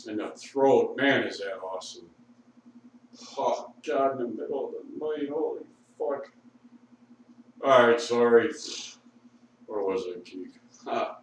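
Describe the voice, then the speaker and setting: A man's voice: mid-range voice, slow pace, long pauses, very echoey, distant mic, a little hiss or hum, poor audio. Intoxicated man rambling profanely outdoors. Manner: profane, slurred rambling with laughs. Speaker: vlogger. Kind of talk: rambling street monologue. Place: outdoors on a street corner.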